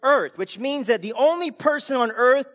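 A man with a high voice preaches with lively swings between hushed asides and loud, emphatic peaks. He often stumbles and repeats words as he restarts a thought. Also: moderate pace. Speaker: pastor. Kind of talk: sermon.

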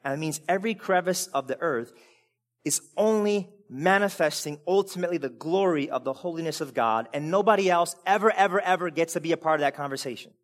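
A man preaching a sermon, swinging between quiet asides and emphatic peaks, often repeating words as he restarts. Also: on the high side, fairly quick. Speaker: pastor.

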